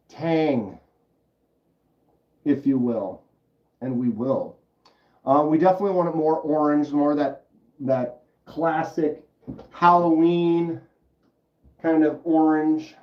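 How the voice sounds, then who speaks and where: A chatty man walks viewers through a hands-on demonstration, reading the chat aloud as he goes. His voice sits a bit higher than most men's. The recording is roomy and slightly dull. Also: distant mic. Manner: chatty, explains steps and reads chat aloud. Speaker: livestream host. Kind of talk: casual livestream demonstration.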